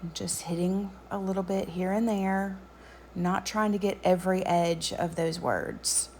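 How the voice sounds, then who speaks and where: Gravelly, low-voiced woman. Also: slight background noise. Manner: relaxed, chatty, frequent ums. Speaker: craft tutorial host. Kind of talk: voice-over craft tutorial.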